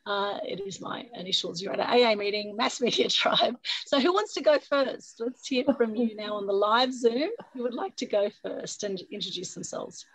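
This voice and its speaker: A woman with a husky voice hosting an online meetup, energetic and coaxing, often adding "right?" over a video call. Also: a little high, moderate pace, no echo, rough recording. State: husky from a recent flu. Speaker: meetup host. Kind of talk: upbeat motivational talk on a video call.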